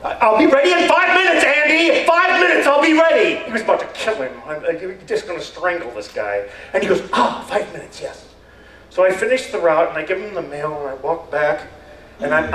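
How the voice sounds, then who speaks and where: A wry older man rambles through stand-up stories with deadpan asides and a fairly high voice. He is heard from a distance in an echoey hall, with faint ambience behind him. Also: slight background noise. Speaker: stand-up performer. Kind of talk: stand-up storytelling. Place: stage at a community talent show.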